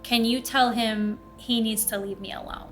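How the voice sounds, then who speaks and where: Faint music sits behind this young woman, whose voice is on the high side and whose pace is moderate. She's a podcast host chatting through a personal story, lively and acting out the voices of the people in it.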